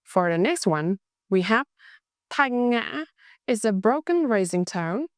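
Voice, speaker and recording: A young woman with a Vietnamese accent teaching a language lesson, speaking slowly and carefully and drawing out words to show how they sound. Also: mid-range voice, sing-song, no room sound, clean studio sound. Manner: slow, careful, exaggerated tone demonstrations.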